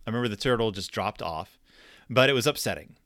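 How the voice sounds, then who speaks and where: A man in his thirties tells rambling, self-deprecating stories on his own podcast, often restarting his sentences. His voice is bright and lively and swings widely in pitch. The sound is dry and close, with no room around it. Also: fast, no echo. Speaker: podcast host. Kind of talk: casual storytelling monologue.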